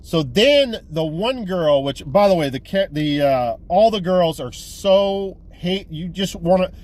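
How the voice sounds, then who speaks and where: Rambling, profane high-voiced man. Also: measured pace. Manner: rambling, profane, animated retelling. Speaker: movie collector vlogger. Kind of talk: casual movie haul review.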